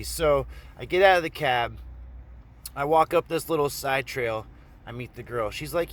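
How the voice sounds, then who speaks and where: Male vlogger from Oregon, casual rambling storyteller, cusses freely, slightly high voice. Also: moderate pace. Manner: rambling, profane, animated retelling. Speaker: vlogger telling a personal story.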